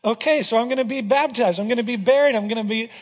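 A male pastor preaching a passionate sermon to his congregation, swinging from loud declarations to hushed, intense moments. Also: very high voice, fast talker. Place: church hall. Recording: reverberant hall.

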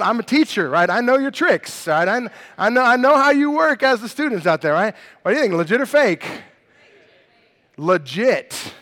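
A middle-aged male pastor preaching a sermon, lively and quizzing the congregation with questions. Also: high voice, moderate pace, in a large hall.

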